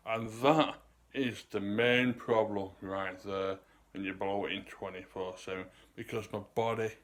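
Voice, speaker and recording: A man, rambling in a loose, chatty way to camera and sometimes getting out of breath. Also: fairly low pitch. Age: 30s. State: out of breath at times. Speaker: vlogger. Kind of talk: casual talk to camera.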